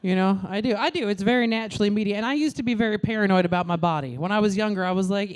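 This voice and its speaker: A woman's voice: medium pitch, racing, few pauses. A woman comedian in her thirties, originally from New York, doing a brash, crude stand-up routine into a stage mic. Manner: brash, crude, animated punchlines.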